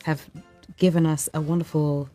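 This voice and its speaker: Woman, actress guest, lower voice, earnest, measured, faint music behind. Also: level tone, warm tone. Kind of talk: press junket interview.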